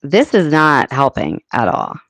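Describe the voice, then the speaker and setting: An American woman hosts a relaxed livestream chat, talking slowly and thinking out loud. Her voice sits a little low. The sound is dry and close, with no room around it. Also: no room sound. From United States. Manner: chatty, thinking aloud with many fillers. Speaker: livestream host. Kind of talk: casual live chat.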